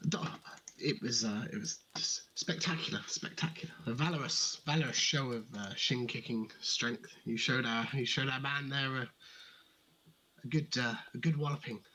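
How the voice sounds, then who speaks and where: A man's voice: mid-range voice, normal speed, pushed and bright, slightly rough, rough recording. An actor playing a fussy, polite nobleman who stammers and restarts his sentences. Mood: genteel. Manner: stammering, restarts, genteel phrasing.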